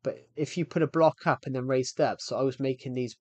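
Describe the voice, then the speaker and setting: A man's voice: medium pitch, fairly even intonation, a little fast, a little mellow, dry recording. Young man, game streamer, casual live chat, out of breath, rambling, dry. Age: 20s. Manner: rambling, restarts sentences, thanks viewers.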